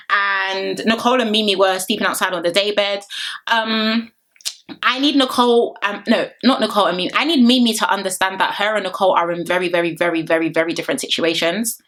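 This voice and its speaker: A woman, chatting casually as she recaps a reality dating show for her vlog, animated and laughing often. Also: mid-range voice, a little fast. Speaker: reality TV reviewer.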